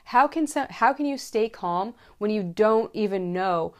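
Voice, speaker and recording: A woman's voice: mid-range voice, expressive, measured pace. A woman in her thirties giving safety advice to other moms in a casual, earnest way, repeating her key points for emphasis. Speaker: mom vlogger giving safety tips. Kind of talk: casual direct-to-camera advice.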